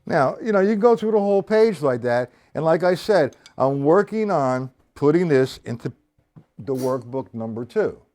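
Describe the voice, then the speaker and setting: A man's voice: on the high side, expressive, normal speed, a little mellow, a little hiss or hum. A man giving a live-streamed drum lesson, counting out and calling stickings aloud as he explains each step, with a drum kit playing behind him. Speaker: drum teacher.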